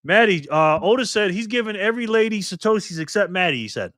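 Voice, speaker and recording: A man hosting a live stream in a loose, joking way, reading the chat messages out loud. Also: sits high, animated, fast, dry recording, studio quality. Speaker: livestream host.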